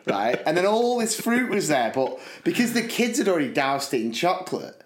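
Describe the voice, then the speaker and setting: A man co-hosting a casual podcast, telling stories with lots of laughter and slipping into quick voices. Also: sits high, roomy sound. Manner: animated, laughing storyteller who slips into voices. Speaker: co-host.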